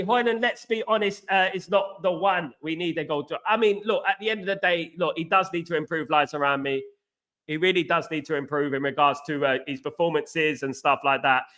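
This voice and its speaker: A man from East London with a Cockney accent, hosting a live football reaction chat, excitable and greeting viewers by name while repeating his stock phrases. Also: fairly high pitch. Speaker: host of a football reaction livestream.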